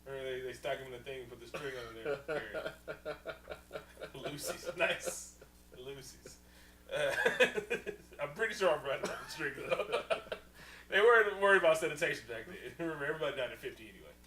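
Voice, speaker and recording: A man co-hosting a casual podcast, recapping a movie in slangy, animated talk, laughing often and acting out the characters. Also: fairly high pitch, a little fast. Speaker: podcast co-host. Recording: echoey room, far from mic, faint hum.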